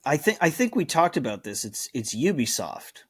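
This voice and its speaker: A man from Canada co-hosting a casual gaming podcast, blunt and quick to swear. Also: a little high, very animated, fairly bright tone, breathy edge, no room sound, clean studio sound. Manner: blunt and profane, quick reactions. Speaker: podcast co-host.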